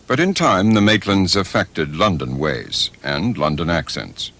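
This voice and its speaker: A man narrating a documentary in a measured, scripted way. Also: low-pitched, very animated, vocal fry, heavy background noise.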